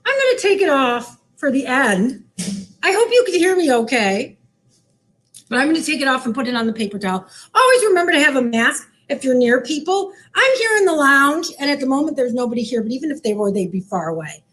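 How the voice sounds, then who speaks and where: A woman's voice: sits high, a bit bright. A woman librarian showing children how to cook, talking cheerfully in a sing-song way. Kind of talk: cooking demo for kids. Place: library lounge.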